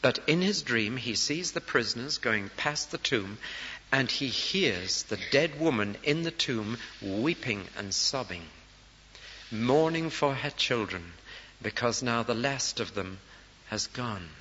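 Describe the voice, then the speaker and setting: A man's voice: medium pitch, expressive, takes it slowly, muffled recording, a little hiss or hum. Emphatic male preacher in a reverberant hall. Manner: dramatic storytelling, rising to loud emphatic peaks. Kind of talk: sermon.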